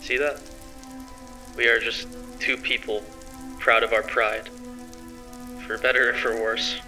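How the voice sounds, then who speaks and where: A man's voice: mid-range voice, level tone, slow pace, bright, forceful tone, faint music behind. A young man voicing an arrogant male motivational streamer who speaks in a sarcastic, defiant, confrontational way in an amateur story drama. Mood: resigned.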